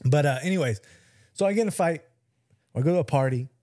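A man's voice: on the high side, animated, fast talker, warm tone, dry recording. A man in his thirties tells a story on a podcast in loose, casual talk. He swears freely and acts out the people he quotes. The recording is dry and close to the mic. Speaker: podcast co-host.

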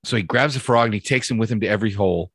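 Low-voiced man rambling through a joke. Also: very fast, fairly bright tone, breathy edge, no echo, studio quality. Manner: loose, rambling storyteller. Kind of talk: casual joke telling. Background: guitar music.

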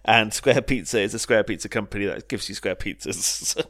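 A man's voice: lowish voice, moderate pace, a bit bright, no echo. Laid-back Welsh man, dry close sound. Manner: laid-back, jokey, laughs a lot. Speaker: podcast co-host. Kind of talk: casual chat.

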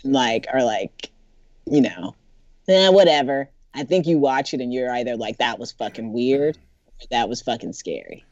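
A woman chatting casually about a film, expressive and full of "like". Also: rumbling low, moderate pace, dry recording, lo-fi sound. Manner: expressive, lots of "like", rising tone. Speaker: podcast co-host.

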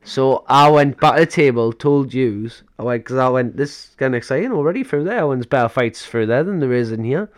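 A man's voice: mid-range voice, lively intonation, fairly quick, hardly any pauses. A young man co-hosts a casual podcast, rambling through stories. He acts out other people's lines as he goes and laughs often. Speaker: podcast co-host. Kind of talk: casual chat.

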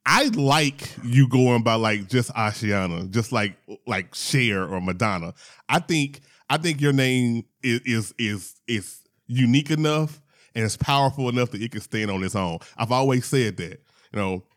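A man's voice: mid-range voice, moderate pace, a bit bright. A man hosting a podcast in a casual, playful, slangy chat, joking with his guest. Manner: playful, joking, slangy, puts on mock voices. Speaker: podcast host.

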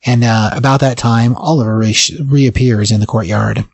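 A man's voice: medium pitch, fairly even intonation, normal speed, vocal fry, a little mellow, dry recording. A man co-hosting a podcast, casually retelling a comic book's plot in a rambling way, full of fillers. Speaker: podcast co-host. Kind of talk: casual comic book recap.

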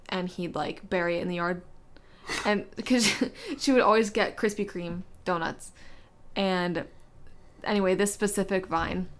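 A young woman co-hosting a casual podcast chat, relaxed and laughing often as she runs through her list and tells stories. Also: fairly low pitch, smooth. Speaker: podcast co-host.

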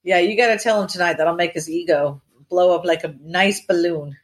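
Teasing breathy woman co-host. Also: lowish voice, moderate pace. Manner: teasing, playful, laughs often. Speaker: podcast co-host. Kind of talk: casual banter.

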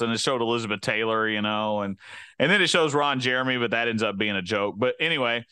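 A man's voice: mid-range voice, brisk, sharp tone, clear, resonant tone, dry recording, studio quality. A man in his thirties co-hosting a casual podcast, telling rambling stories and laughing often. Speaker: podcast co-host. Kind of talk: casual chat.

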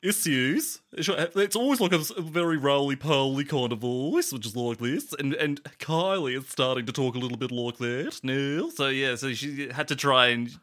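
A man's voice: mid-range voice, normal speed, few pauses, fairly bright tone. A man in casual podcast chat, laughing often and joking about himself. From Australia. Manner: laughing, self-deprecating, chatty. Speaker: podcast co-host.

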